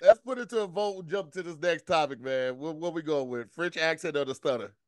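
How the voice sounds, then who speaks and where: A man's voice: a little high, fairly quick, darkish tone, no room sound. Dry-sounding male host, laid-back, runs the topics. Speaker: podcast host. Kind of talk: casual podcast chat.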